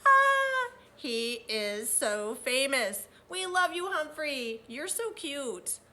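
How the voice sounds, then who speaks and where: A young woman teaching children, reading aloud and going over vocabulary words in an animated, encouraging, sing-song voice. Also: sits high, slow.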